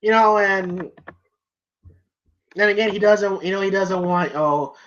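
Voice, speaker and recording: A man's voice: high-pitched, a little slow, fairly bright tone. Rambling man reviewing a movie, lo-fi. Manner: rambling, heavy on "you know" fillers, profane. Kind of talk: casual movie review chat. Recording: dull lo-fi recording.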